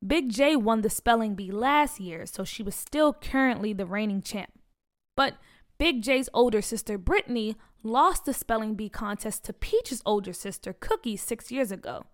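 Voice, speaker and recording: Reading a children's story aloud, this woman sounds expressive and animated. Her pitch is fairly high, and she speaks at a normal speed.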